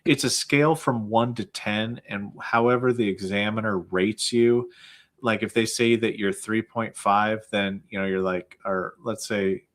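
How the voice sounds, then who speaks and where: Male guest, lower pitch, relaxed explainer, filler-heavy delivery. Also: a little slow. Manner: explains plainly with many likes and fillers. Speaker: guest, claims processor. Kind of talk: casual explanatory chat.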